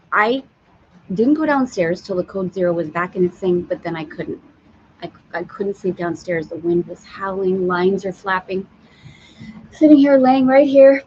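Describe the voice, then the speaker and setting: A woman's voice: medium pitch, muffled recording, a little hiss or hum. A woman hosting a live stream from a sailboat, telling a candid story and reading viewer comments aloud. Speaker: spiritual teacher and live-stream host.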